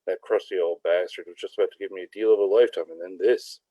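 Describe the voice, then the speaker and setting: A man's voice: low voice, fairly even intonation, fast talker, no echo, highs cut off. A man voicing a blustering, foul-mouthed stout merchant in a fantasy story reading. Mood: boastful. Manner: crude, boastful, jabbering.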